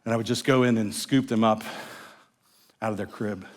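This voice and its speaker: A man's voice: fairly low pitch, steady tone, normal speed. Man preaching in an echoey hall. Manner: shifts from warm emphasis to hushed, soft phrases. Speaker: pastor. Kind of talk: sermon. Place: large church sanctuary.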